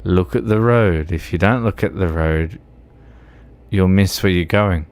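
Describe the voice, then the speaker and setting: A man's voice: sits low, measured pace, a little mellow. A drunk man with an Australian accent, streaming a driving game and chatting in a rambling, sweary way, laughing often. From Melbourne, Australia. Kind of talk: casual chat while playing a driving game.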